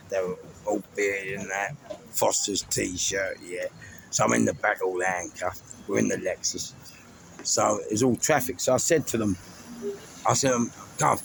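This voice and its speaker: A man with a London accent and a fairly low voice with vocal fry tells casual stories about his life. He rambles and laughs at his own jokes, with traffic making the background noisy.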